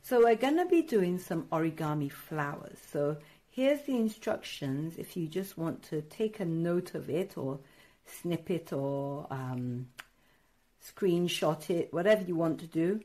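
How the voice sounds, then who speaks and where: A woman art teacher walking children through a craft lesson step by step, encouraging and excitable, pausing often with fillers. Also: deep voice. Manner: encouraging, hesitant with many fillers; addresses children directly, excitable.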